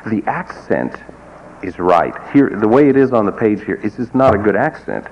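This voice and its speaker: This male music teacher's voice sits on the low side with big pitch swings at a moderate pace. He lectures the class digressively and wryly, adding asides, on a muffled lo-fi recording with faint hiss.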